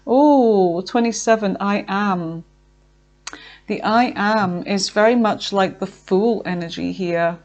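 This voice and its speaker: A woman chats her way through a tarot reading, filling the gaps with "um" and "like" and muttering to herself between cards. She slows down and stretches her words when she explains what a card means. Her voice sits at a middle pitch for a woman. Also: darkish tone, muffled recording. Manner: chatty, with frequent fillers and self-talk. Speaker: tarot reader.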